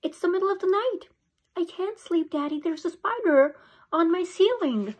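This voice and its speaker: A woman voicing an anxious, insistent young girl who pleads in a high, excited voice. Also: moderate pace. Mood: pleading.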